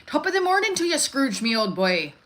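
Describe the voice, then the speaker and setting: A woman's voice: high voice, big pitch swings, brisk, fairly bright tone, pitched above the performer's own voice. A woman doing a hammy Irish leprechaun ghost. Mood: cheery. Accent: put-on Irish. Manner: exaggerated stage brogue. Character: cheery Irish leprechaun playing a Christmas ghost.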